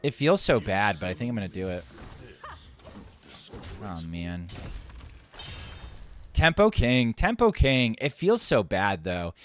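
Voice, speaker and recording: A man's voice: low-pitched, lively intonation, measured pace, long pauses, slight background noise. A man streaming a card game, thinking aloud and joking as he plays. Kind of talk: casual gameplay commentary.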